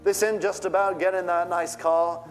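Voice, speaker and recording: A man's voice: sits high, little pitch movement, normal speed, soft background music. A male pastor preaching a sermon with fervent, rising outbursts.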